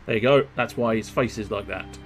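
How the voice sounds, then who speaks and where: Streaming a game with music playing in the background, a man chats casually in a lowish voice at a brisk pace. His live commentary includes jokes about the character voices he does.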